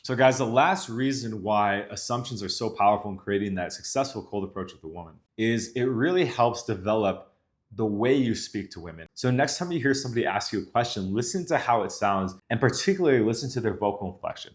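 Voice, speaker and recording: A young man coaching other men on dating, talking to camera in a confident, even tone that ends his sentences low. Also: fairly quick. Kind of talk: instructional talk to camera.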